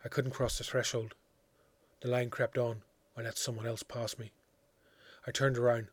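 Man, story narrator, measured, quiet, reflective, dry studio sound. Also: medium pitch, flat delivery, slightly rough, no echo. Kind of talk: audiobook reading of a literary story.

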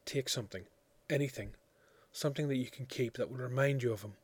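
A man reading aloud, voicing a grieving mother who speaks softly and gently in a hushed voice. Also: mid-range voice, a little fast, breathy edge, dry recording, lightly acted. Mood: gentle. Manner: soft, hushed.

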